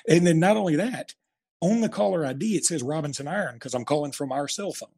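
A man's voice: a little high, fairly quick, vocal fry, a little mellow, husky. A man in his forties, a show host telling a funny story in casual chat and laughing through his punchlines. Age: 40s.

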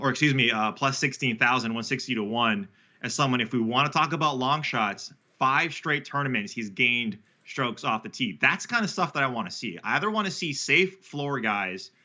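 Bright-voiced man talking golf bets. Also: mid-range voice, animated, dull audio. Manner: fast, rambling, self-correcting with fillers. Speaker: sports betting analyst guest. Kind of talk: casual podcast betting talk.

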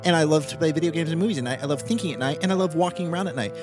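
A man's voice: fairly high pitch, racing, over music. A man co-hosting a casual podcast, rambling with lots of fillers, sleep-deprived. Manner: rambling, animated, full of fillers. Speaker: podcast co-host. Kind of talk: casual chat.

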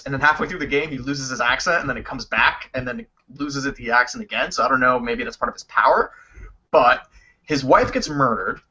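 A man co-hosting a casual video game chat, telling stories quickly with lots of swearing. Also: medium pitch, husky. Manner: animated, profane, quick storytelling. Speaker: podcast co-host. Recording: dull lo-fi sound.

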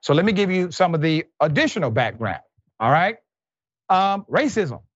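A man's voice: on the high side, big pitch swings, moderate pace, breathy edge, dry recording. Man hosting news commentary, dry muffled sound. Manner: reads reports, then breaks off into loud exasperated asides. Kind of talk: reading news stories with commentary.

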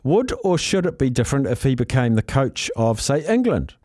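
A New man hosts a sports talk radio show, reading listener messages aloud and tossing in quick asides. His voice sits mid-pitch. The studio sound is dry and close. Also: very animated, darkish tone, dry recording. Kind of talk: reading listener texts and taking calls.

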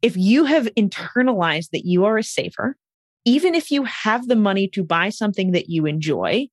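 Lively woman coaching, dry close sound. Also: medium pitch, normal speed, no echo. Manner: energetic storyteller, acts out quoted voices. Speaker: guest, money coach. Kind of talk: podcast interview.

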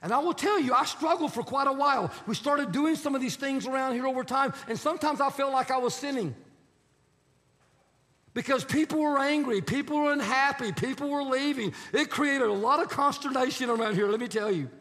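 A man's voice: very high voice, fairly quick, a bit bright. A male pastor preaching a sermon, telling a story and acting out the quotes. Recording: preached in a reverberant hall.

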